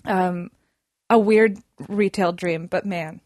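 A woman's voice: fairly low pitch, fairly even intonation, slow, darkish tone, dry recording, clean studio sound. A young woman telling a story in a casual chat, full of fillers and restarts. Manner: chatty, many fillers and restarts. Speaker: podcast guest.

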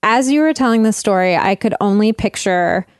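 A young woman hosting a casual podcast chat, talking in quick asides and laughing often. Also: medium pitch, lively intonation, smooth, no room sound, studio quality. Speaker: podcast host.

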